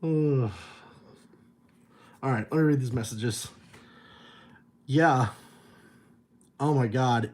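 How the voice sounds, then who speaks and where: A man's voice: mid-range voice, slow, pauses often, a little mellow. A middle-aged man chatting casually on a livestream, telling stories and reading viewer messages, loose and profane, chuckling often. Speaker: vlogger reading viewer chat.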